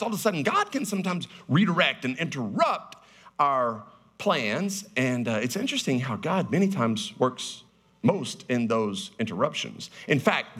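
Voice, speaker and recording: A man preaching a sermon as a pastor, telling a story loudly and animatedly, acting out the scenes. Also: on the high side, slightly rough.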